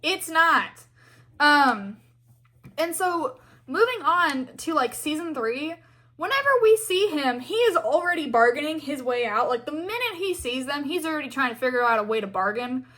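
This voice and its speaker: A young woman with a high, bright voice rants casually to camera. Her pitch leaps all over as she vents, exasperated and chatty, packing her talk with fillers and acted-out quotes. The tone stays sharp and energetic. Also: moderate pace. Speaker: fan commentator. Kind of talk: casual fan rant.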